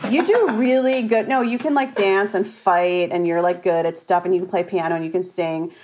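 A woman's voice: lowish voice, normal speed, a little mellow, slight background noise. A woman hosting a podcast, joking and chatting casually with loose, profane humor. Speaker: podcast host. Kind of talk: casual chat.

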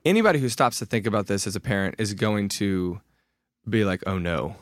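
A man's voice: on the low side, animated, brisk, no room sound, clean studio sound. A man in his thirties, a guest author talking candidly and self-deprecatingly in a casual podcast conversation, often restarting his sentences.

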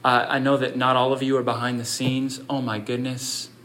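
A pastor preaching a sermon, telling a story in a conversational way and building to emphatic appeals. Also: male voice, medium pitch, flat delivery, moderate pace, a bit bright, slight background noise.

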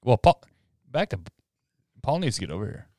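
A man's voice: medium pitch, big pitch swings, a little fast, warm tone, no room sound, clean studio sound. A man co-hosting a hockey podcast, a former player, teasing his partner in casual banter.

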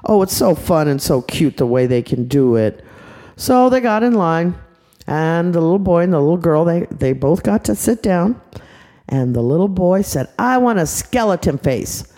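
An older woman, a grandmother, telling a children's story in a very lively, sing-song voice. She is chatty and full of asides, and her tone is soft and mellow. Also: lowish voice, moderate pace. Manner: animated, chatty, aside-filled.

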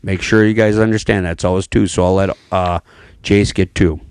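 Man from Wisconsin, low voice, joking storyteller, dry close sound. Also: fairly even intonation, fairly quick, a little mellow, clear, resonant tone, no room sound. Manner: joking storyteller, laughs often. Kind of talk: casual hunting chat.

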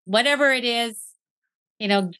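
A woman hosting a podcast, chatting loosely with lots of filler words. Her voice sits high for a woman. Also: moderate pace, bright, forceful tone, smooth. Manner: chatty, full of fillers like "like" and "you know". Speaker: podcast host. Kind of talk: casual podcast conversation.

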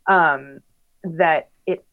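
A young woman who races bikes professionally appears as an interview guest, chatting casually with lots of fillers and laughter. Her voice sits low, she draws out her words, and the sound is phone quality.

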